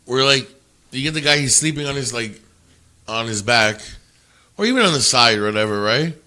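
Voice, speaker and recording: A man's voice: medium pitch, expressive, a little fast, sharp tone. A man in a casual podcast chat, blunt and profane, often stumbling and restarting his words. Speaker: podcast co-host.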